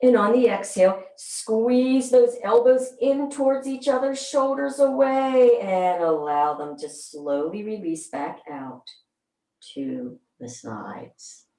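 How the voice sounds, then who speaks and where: A woman leading a gentle somatic movement class, calmly guiding each move and counting slowly aloud. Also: a little high. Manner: slow, soothing, counts aloud. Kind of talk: guided exercise class. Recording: roomy sound, mic at a distance.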